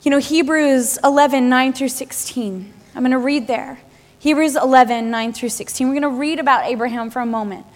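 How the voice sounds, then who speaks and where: A woman in her thirties preaches briskly in a very high, bright voice, speaking to the congregation like friends in a lively, conversational way. She piles up rhetorical questions and repetition, and her voice rings out with long reverb in a large church hall.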